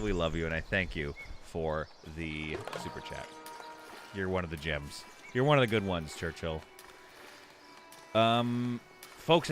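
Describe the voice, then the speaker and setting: A man's voice: lowish voice, a bit bright, a little hiss or hum. A man giving casual live commentary while he plays a city-building game, rambling and correcting himself as he thinks aloud.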